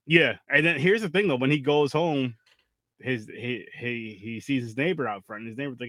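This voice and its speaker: A man's voice: mid-range voice, moderate pace, a bit bright, no room sound. A man recapping a movie in casual chat, rambling and profane, with lots of restarts and fillers.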